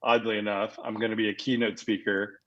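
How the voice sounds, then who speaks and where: A man's voice: on the low side, flat delivery, brisk, fairly bright tone, lo-fi sound. An American man, a guest, telling rambling stories in casual interview chat, with many fillers and self-corrections. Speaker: guest, agency founder.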